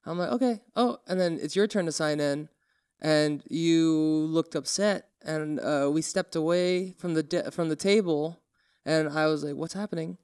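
A young man co-hosts a casual podcast chat and tells a story with animated quotes. His voice is smooth and clear and sits a little high. The sound is dry and close, with no room around it. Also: a little slow, no room sound. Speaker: podcast co-host.

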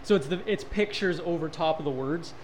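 A man's voice: fairly high pitch, a little mellow, slight background noise. A man in casual podcast chat, joking, laughing and swearing between friends. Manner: laughing, swearing, quick banter.

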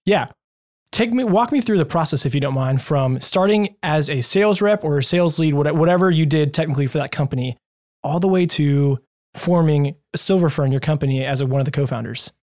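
Upbeat, higher-voiced male podcast host. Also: brisk, darkish tone. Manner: upbeat, enthusiastic, chatty. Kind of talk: casual podcast interview.

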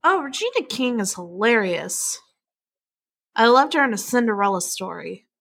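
A woman's voice: on the high side, sing-song, moderate pace, creaky, a bit bright. A woman co-hosting a casual podcast chat, telling stories animatedly and mimicking others while laughing often. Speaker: podcast co-host.

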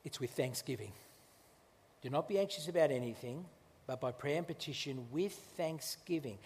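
A male pastor preaching a sermon in a conversational way, with restarts and slow, emphatic phrases, in a church. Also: mid-range voice, lively intonation, darkish tone, husky, long reverb tail.

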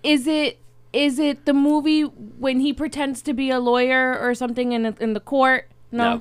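A woman's voice: sits high, little pitch movement, moderate pace, clear, resonant tone. A young woman on a comedy podcast, hesitant and self-deprecating, trailing off as she answers quiz questions. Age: young adult. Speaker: podcast guest being quizzed.

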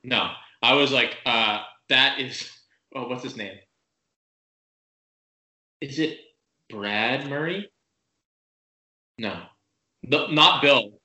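A man's voice: mid-range voice, slow pace, long pauses, bright, forceful tone. A young man co-hosting a podcast, rambling and joking with lots of fillers. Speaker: podcast co-host. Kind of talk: casual banter. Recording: echoey room.

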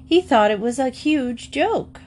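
A woman reading a children's story aloud, voicing a patient, good-humored farm mother in a calm, gently amused tone. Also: sits high, measured pace, a little hiss or hum, voice pushed up.

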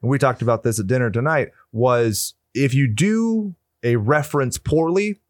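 A man's voice: medium pitch, lively intonation, normal speed, no room sound, clean studio sound. A man co-hosting a casual movie review podcast, joking and swearing as he banters with his co-host.

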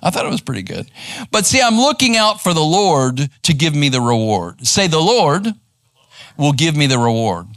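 A middle-aged man, a pastor teaching live in church, conversational and animated as he tells a story. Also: on the high side, normal speed, dry recording. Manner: animated, conversational, acts out quoted voices. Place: church sanctuary.

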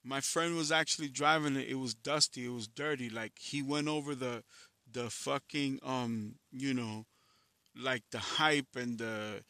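A man's voice: medium pitch, fairly even intonation, a little slow, sharp tone, dry recording. A man who is a musician, giving a blunt, profane, candid personal monologue, frustrated and reflective.

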